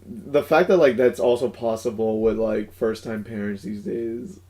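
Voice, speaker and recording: A man co-hosting a casual podcast, reacting to a friend's story with quick remarks and banter. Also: fairly low pitch, steady tone, mellow. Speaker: podcast co-host.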